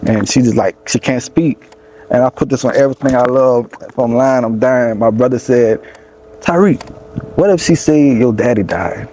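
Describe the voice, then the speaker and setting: A man's voice: mid-range voice, normal speed, mellow. A young man with a Louisiana accent, a rapper telling a personal story in a casual interview, loose and rambling, full of "you know what I'm saying". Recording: faint background noise.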